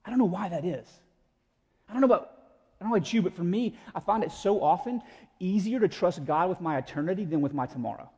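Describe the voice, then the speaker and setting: A man preaching a sermon in an animated, conversational way, slipping into voices for the people in his stories. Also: high-pitched, fast talker, husky. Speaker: pastor. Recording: echoey hall with long reverb.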